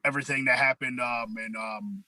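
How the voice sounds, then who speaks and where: A man who is a guest on a podcast, explaining things in a halting way with many fillers. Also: mid-range voice, fairly even intonation, pushed and bright, no echo, low-quality recording. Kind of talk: casual chat.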